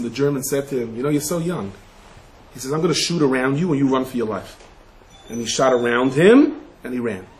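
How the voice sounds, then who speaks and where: A man, a rabbi, giving a Torah lecture full of stories, mixing Hebrew and Yiddish terms into English, dropping to hushed asides and rising to shouted emphasis. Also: fairly high pitch, rough recording.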